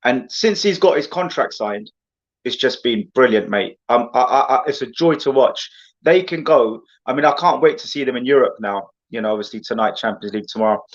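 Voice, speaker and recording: A man talks football with passionate, rambling energy, peppering every point with "mate". His pitch sits mid-range for a man. The sound is muffled and lo-fi, like a call recording. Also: brisk. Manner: animated, passionate, rambling rants with lots of "mate". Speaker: football pundit guest. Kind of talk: casual football chat.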